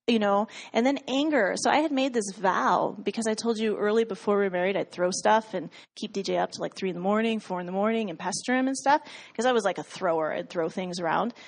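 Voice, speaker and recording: In a mid-range voice, a woman shares her personal faith testimony as a guest, keeping it casual and chatty. She uses plenty of "like" fillers, laughs often, and acts out what she said and thought back then.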